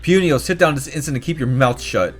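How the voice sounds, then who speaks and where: A man's voice: medium pitch, fairly quick, pitched above the performer's own voice, close to an everyday voice. A man voicing a cranky old female tribal elder who scolds, barks orders and lectures impatiently. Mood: scolding. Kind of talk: voiced game playthrough.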